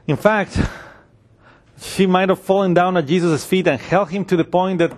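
Conversational preacher, man, slightly high voice. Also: steady tone, normal speed. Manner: conversational, acts out voices of the people in the story. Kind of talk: sermon.

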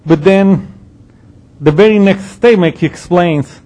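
A man leads a Bible study, explaining the text in an easy conversational manner. He thinks aloud and restarts his sentences now and then. His voice is a bit higher than most men's. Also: unhurried, dark tone. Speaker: Bible teacher. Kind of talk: expository Bible teaching.

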